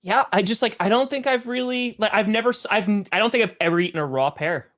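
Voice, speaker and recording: A man's voice: high-pitched, quick pace, fairly bright tone. A man co-hosting a casual sports podcast, laughing often and trailing off into restarts. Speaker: podcast co-host.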